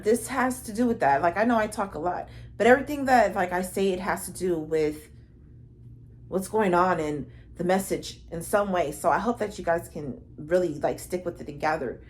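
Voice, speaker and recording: A woman giving a casual tarot reading, talking in a rambling, slangy way and swearing freely, slowing down when she reads card messages aloud. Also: fairly low pitch. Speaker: tarot reader.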